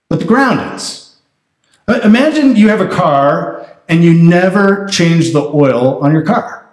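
A man preaching a conversational sermon as pastor, often checking in with the congregation. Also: a little high. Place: church sanctuary. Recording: roomy church sanctuary.

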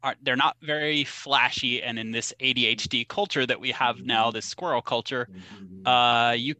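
Male educator, bright forceful tone, dry sound, casual panel talk. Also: medium pitch, fairly even intonation, moderate pace, dry recording. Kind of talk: casual webinar discussion.

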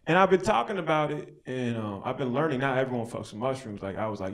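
With a mid-range voice, this young American comic talks fast and animatedly at a small outdoor alley show. His slangy, loose set riffs on the crowd, and he laughs at his own jokes.

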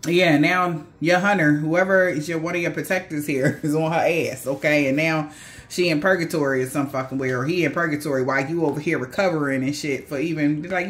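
A woman giving a casual spiritual reading to her viewers, cursing freely, laughing often and talking straight to them. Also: low voice. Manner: profane, laughing, animated, talks straight to viewers. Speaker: psychic reader.

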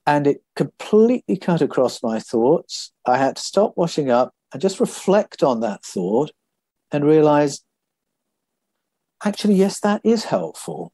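A man's voice: fairly high pitch, very animated, unhurried, mellow, dry recording. A man being interviewed as an author, telling personal stories in a reflective, thoughtful way. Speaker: author guest. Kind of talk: podcast interview.

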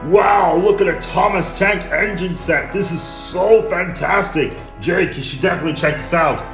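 A man's voice: high voice, normal speed, a bit bright, reverberant, faint music behind. A man voicing a cartoon, talking in a whiny, exasperated way. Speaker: cartoon narrator and voice actor. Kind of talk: cartoon acting.

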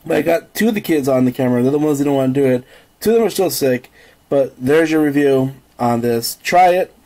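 A man's voice: mid-range voice, lively intonation, a little fast, dark tone, poor audio. A man with a congested voice from a cold, hosting a casual family taste-test video and chatting easily to his viewers. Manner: easygoing, rambling, talks to viewers as "guys". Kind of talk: casual home video chat.

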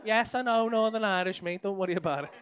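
A man's voice: high voice, quick pace. A young man doing sweary, teasing crowd work on a comedy club stage. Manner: sweary, teasing banter with the audience. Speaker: stand-up comedian.

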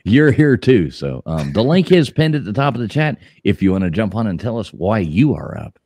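A joking, loose-mouthed male host with a low voice that swings widely in pitch as he moderates callers. The sound is dry and close. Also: very animated, a little fast, a little mellow, dry recording. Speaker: live show host. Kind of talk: casual chat.

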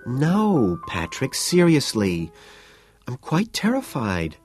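A man's voice: mid-range voice, huge pitch swings, takes it slowly, darkish tone, faint music behind, pitched above the performer's own voice. A man voicing a whiny, demanding, pampered wealthy young woman in an audiobook. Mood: whiny, fretful. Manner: whining, demanding. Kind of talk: audiobook character voice.

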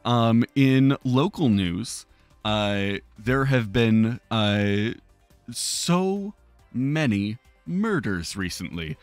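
A man's voice: mid-range voice, animated, very slow, no echo, faint music behind. A man co-hosting a live-streamed talk show, chatting playfully with frequent fillers and laughter. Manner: playful and rambling, many fillers, laughs often. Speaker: podcast co-host. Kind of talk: casual chat, mock news segment.

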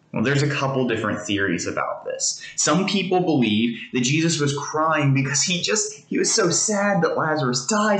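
A man's voice: medium pitch, a bit bright. A man giving a devotional as a pastor, speaking in an earnest, conversational way and explaining with everyday examples. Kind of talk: devotional teaching. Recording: roomy echo.

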